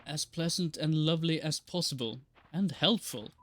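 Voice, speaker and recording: A man's voice: a little high, normal speed, fairly bright tone. A man casually chatting while streaming a game live, rambling and joking with frequent laughs and the odd swear. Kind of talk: casual live gameplay chat.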